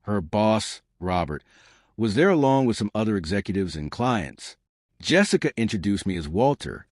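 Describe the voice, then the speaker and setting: راوٍ رجل بنبرة ساخرة جافة. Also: male voice, lowish voice, very animated, normal speed, dry recording, clean studio sound. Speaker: storyteller. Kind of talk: scripted first-person story narration.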